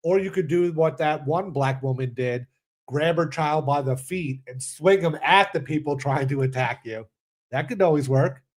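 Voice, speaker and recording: A man's voice: on the high side, moderate pace. A man co-hosting a casual podcast, joking and giving short, easygoing replies. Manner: laid-back, joking, lots of short replies. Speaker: podcast co-host.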